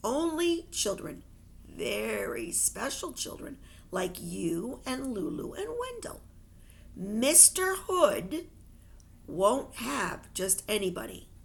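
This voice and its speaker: A gentle, motherly old housekeeper with a hint of mystery, put on by a woman reading a storybook. She speaks slowly with a slightly gravelly voice. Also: on the high side, big pitch swings, full character voice.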